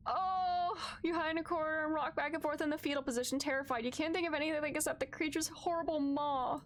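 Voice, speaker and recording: A woman with a high voice streams a story game, reading its text aloud in an even, narrating tone. She often breaks off to react, crying out in open distress at what happens on screen. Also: quick pace. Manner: expressive, shifts from calm reading to loud distressed outbursts.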